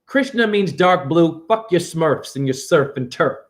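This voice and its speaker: A middle-aged man giving a fast, profane, rambling spiritual monologue that swings between loud and soft. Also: on the high side, expressive. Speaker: self-styled spiritual teacher.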